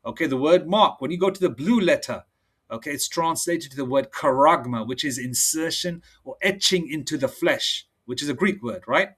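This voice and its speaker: A man giving an informal sermon, mixing casual street slang with slow, drawn-out Bible readings. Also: on the high side, fairly bright tone, breathy edge. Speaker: preacher.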